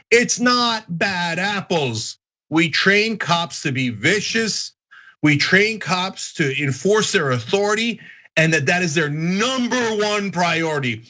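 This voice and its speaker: A man hosting a political commentary show, talking straight to his viewers in an animated, indignant way. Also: high voice. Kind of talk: heated opinion commentary.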